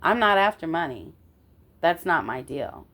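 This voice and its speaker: A woman's voice: sits low, very animated, a little slow, a bit bright. This woman speaks with force and indignation as she tells a story from her own life in casual talk. She swears now and then and keeps checking that the listener follows her. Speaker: vlogger telling a personal story.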